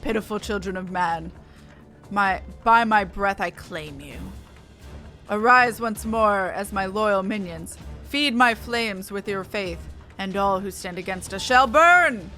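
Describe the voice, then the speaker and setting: A woman's voice: medium pitch, measured pace, bright, forceful tone, soft background music. A woman reading aloud the lines of a wrathful giant male fire god, with grand archaic proclamations. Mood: menacing. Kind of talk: reading game dialogue aloud.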